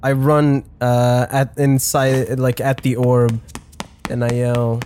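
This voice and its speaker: A woman's voice: a bass voice, flat delivery, dark tone, slight background noise. Playful young woman playing a tabletop game. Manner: playful, quick questions in character. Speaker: player. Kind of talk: tabletop role-play.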